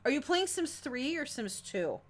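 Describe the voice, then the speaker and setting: Young woman, live streamer, giggly, chatty, lively bouncing voice, bit high. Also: normal speed. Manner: giggly, chatty, reads chat aloud. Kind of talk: casual live-stream chat while gaming.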